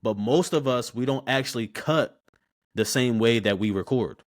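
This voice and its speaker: A man, telling stories as a podcast guest in a loose, slangy, animated way. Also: medium pitch, moderate pace. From Baltimore, USA. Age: 20s. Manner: animated, slangy, repeats words when starting sentences. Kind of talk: casual interview storytelling.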